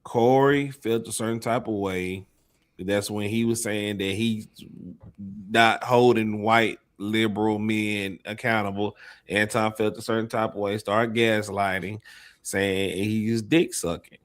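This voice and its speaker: A man's voice: fairly low pitch, fairly even intonation, a little slow. A man on a casual livestream panel who jumps in and talks in a rush.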